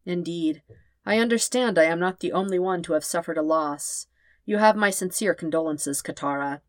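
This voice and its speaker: A woman reading aloud and voicing a gentle, weary old man who speaks quietly and formally. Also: fairly low pitch, moderate pace, dry recording, lightly acted. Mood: grave.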